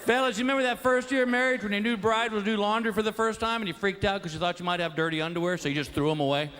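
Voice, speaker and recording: A middle-aged man doing stand-up comedy, telling stories in an animated, exasperated way and slipping into put-on voices. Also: high-pitched, rapid-fire. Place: comedy stage before a live audience. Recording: live show with loud crowd noise.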